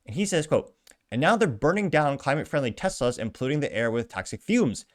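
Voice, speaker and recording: This is a man hosting a commentary show who reads online posts out loud. He mixes the reading with sarcastic, half-muttered remarks. His voice sits at an ordinary pitch for a man. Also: big pitch swings, fairly quick. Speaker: political commentary host. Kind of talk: reading and reacting to social media posts.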